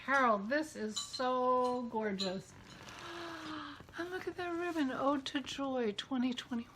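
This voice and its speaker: A woman hosting a casual vlog, chatty and excitable, gushing as she talks. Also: high-pitched, measured pace, noisy background. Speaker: podcast host. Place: outdoors walking a dog, then indoors.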